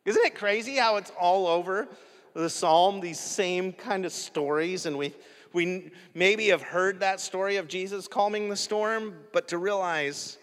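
A man preaching a sermon in an animated, conversational way, often laughing between points. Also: high-pitched, a little slow. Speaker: pastor. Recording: echoey hall with long reverb.

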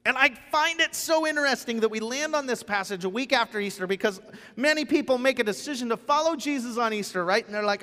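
Guy pastor preaching, high bright voice, lots of hall echo, acts out quotes in his stories. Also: fairly quick. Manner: animated storytelling with acted quotes. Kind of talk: sermon.

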